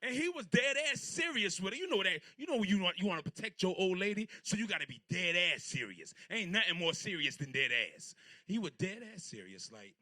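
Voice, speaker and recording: A man's voice: high-pitched, big pitch swings, fairly quick, few pauses, bright, forceful tone, no room sound, studio quality. A man in his thirties from Virginia doing a stand-up set, telling loose, rambling stories full of crude jokes. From Portsmouth, Virginia. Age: 30s. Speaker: stand-up comedian.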